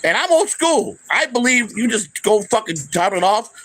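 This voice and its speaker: An older man hosting his own channel launches into an unscripted, heated rant to camera, swearing a lot, confronting, repeating himself and trailing off into restarts. His high-pitched voice is sing-song, bright and forceful at a moderate pace, on a rough recording with a little hiss or hum.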